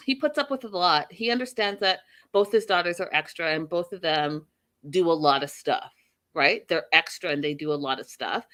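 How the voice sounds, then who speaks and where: A woman with a medium-pitched, fairly bright voice hosts a show, recapping a reality TV episode. Her casual commentary is chatty and emphatic, and she speaks straight to her listeners.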